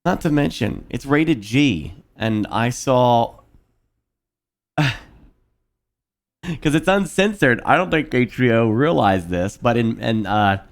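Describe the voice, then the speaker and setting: A man streaming a video game, chatting casually in a rambling, animated way. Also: mid-range voice. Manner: rambling and animated, lots of fillers and restarts. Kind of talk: casual chat while playing a video game.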